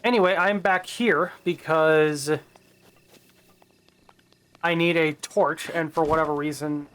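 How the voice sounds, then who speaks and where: A man's voice: a little high, fairly even intonation, slow pace, fairly bright tone, clear, resonant tone. A man chatting casually while streaming a video game, rambling and correcting himself as he plays. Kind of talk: casual live-stream commentary.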